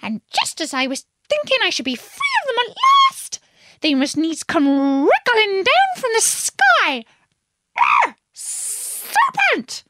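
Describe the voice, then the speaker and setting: A woman voicing a frantic, shrieking female pigeon in a storybook reading, shrill and scolding. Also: huge pitch swings, takes it slowly, very noisy, exaggerated voice. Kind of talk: storybook read-aloud.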